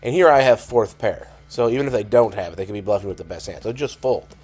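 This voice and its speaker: A hoarse man with a raspy, scratchy voice, narrating his poker hands in a casual, wry voice-over. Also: on the low side, quick pace, darkish tone, soft background music. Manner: casual, wry, self-deprecating. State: hoarse, dry scratchy throat. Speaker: poker vlogger.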